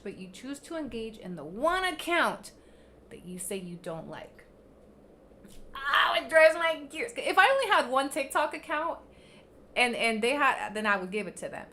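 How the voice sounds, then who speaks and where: A young woman with a slightly high, bright and forceful voice, talking loosely on a livestream. She rants at her critics with blunt, profane directness and sounds like she is chatting to her viewers. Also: a little hiss or hum. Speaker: livestream host. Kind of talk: casual venting livestream chat.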